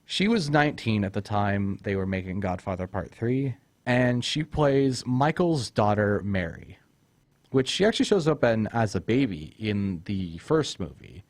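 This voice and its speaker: A man's voice: lowish voice, animated, unhurried. A young man hosting a casual film review chat, ranting with exasperation about a character and retelling scenes. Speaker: host.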